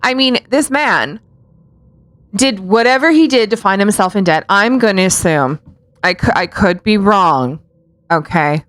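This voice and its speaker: A woman's voice: medium pitch, expressive, measured pace, fairly bright tone, dry recording. A woman co-hosting a casual podcast, telling true-crime stories with sarcastic asides and frequent giggles. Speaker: podcast co-host.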